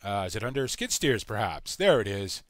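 A man's voice: lowish voice, sing-song, no room sound. Rambling American man narrating a farm game. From United States. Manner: halting, full of uh and you know. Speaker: gaming channel host. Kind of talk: rambling let's-play commentary.

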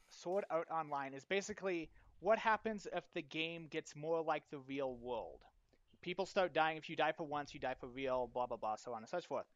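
A young man co-hosting a casual podcast chat, animated and swearing casually as he acts out quotes. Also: fairly high pitch, no echo. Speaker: podcast co-host. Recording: dull, dry home mic.

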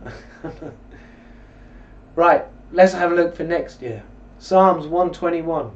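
A man with a fairly high voice gives a rambling, conversational commentary and reads scripture at a slower pace. He sits in a chair away from the microphone, and the recording sounds muffled and lo-fi. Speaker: religious video blogger. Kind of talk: casual commentary and scripture reading. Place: indoors, seated in a chair. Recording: distant mic, dull lo-fi sound.

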